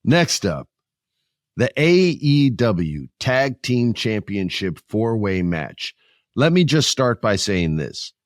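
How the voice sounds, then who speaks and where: Low-voiced joking podcast host man. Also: slow pace, no echo, studio quality. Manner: joking, animated, mimics voices in stories. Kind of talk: casual wrestling chat.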